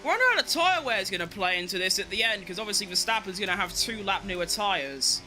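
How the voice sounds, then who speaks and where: A young game streamer gives rapid live commentary on a racing game, excitable and quick to curse rivals, plead with his car, and talk to himself and the game. His high voice comes across very bright and sharp, with faint music playing underneath.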